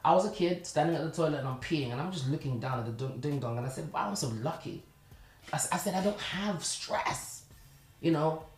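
A man's voice: on the high side, fast talker, a little hiss or hum. A man from Zimbabwe hosting a casual podcast chat, telling stories with animation and then turning earnest and reflective. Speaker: podcast host. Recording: roomy echo.

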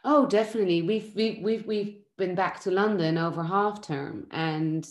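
A woman's voice: lowish voice, normal speed. A woman, a mother of young children, speaking as a guest in a candid personal conversation, heartfelt and often restarting her sentences. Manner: heartfelt, animated when quoting, many restarts. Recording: roomy echo.

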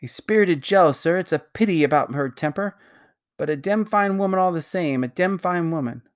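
Storybook figure: a reader playing a pompous, greedy old man past sixty, grandly excited and scheming. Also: high-pitched, moderate pace, smooth, voice pushed up, natural voice. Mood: admiring. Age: 60s.

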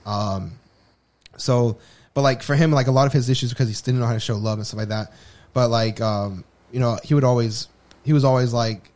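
On a podcast he co-hosts, a man tells a personal story in casual conversation, candid and rambling with frequent restarts. His voice is medium-pitched, steady, darkish, and fairly quick.

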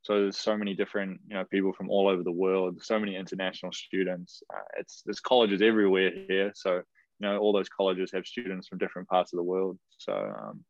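A young man in his twenties with a New Zealand accent, telling stories as a guest in a casual interview, chatty and quick to laugh, heard over a video call. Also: deep voice, no room sound. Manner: chatty, laughs often, many fillers and restarts. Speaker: guest, professional footballer. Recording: dull lo-fi video call audio.

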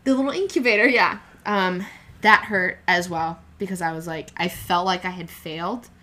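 A woman's voice: on the low side, normal speed, pushed and bright. A young woman chatting casually and candidly, rambling with fillers and restarts as she tells a personal story. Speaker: podcast co-host telling her birth story. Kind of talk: casual chat.

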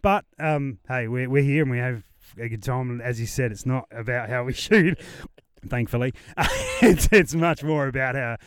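A man's voice: medium pitch, normal speed, clear, resonant tone, no echo. Male podcast host, jokey, dry close sound. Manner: jokey, matey banter. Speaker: podcast host interviewing competitors. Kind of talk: casual on-site interviews. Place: outdoor shooting range.

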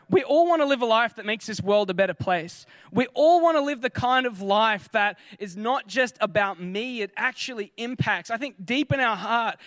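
A man preaching a casual, conversational sermon, animated, with quick asides and jokes. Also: very high voice, no echo.

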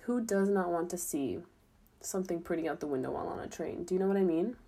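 A woman's voice: lowish voice, animated, fast talker, vocal fry, dark tone. A young woman, chatting casually in a vlog, full of fillers and upbeat. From United States. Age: young adult. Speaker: student abroad.

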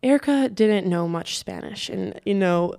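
A woman's voice: medium pitch, unhurried, gravelly. A young woman co-hosting a podcast in casual chat, telling stories animatedly with lots of "like" and quoted voices. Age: young adult. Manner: chatty, full of "like", animated storytelling with quoted voices. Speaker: podcast co-host.

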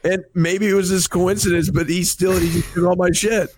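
Animated young man telling a gaming story. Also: high voice, normal speed, slight background noise. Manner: animated storyteller, many "like" and "dude". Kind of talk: casual chat.

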